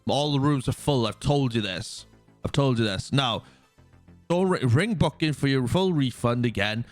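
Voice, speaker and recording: A man's voice: medium pitch, lively intonation, normal speed, faint music behind, natural voice. A man putting on a curt, rude hotel owner. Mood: curt, dismissive. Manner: dismissive, repeats himself.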